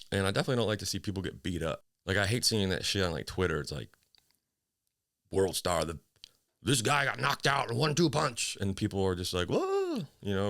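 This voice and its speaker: In a dry, studio-quality recording, a low-pitched man with a fairly bright tone hosts a laid-back solo podcast from his small home office. Slightly winded, he wanders from topic to topic, swears liberally and teases himself.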